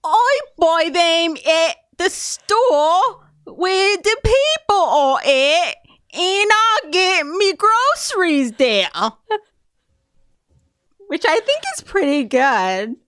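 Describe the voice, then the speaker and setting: Woman faking a loud, mangled British accent. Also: extremely high pitch, big pitch swings, drawn-out words, few pauses, no echo, clean studio sound, pitched above the performer's own voice, exaggerated voice. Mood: overblown. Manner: loud, over-enunciated.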